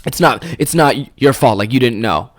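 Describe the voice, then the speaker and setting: A man doing a soft-spoken pious mother. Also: mid-range voice, normal speed, no room sound, lightly acted. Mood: gentle. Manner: soft, apologetic and calm. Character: polite religious mother, gently correcting.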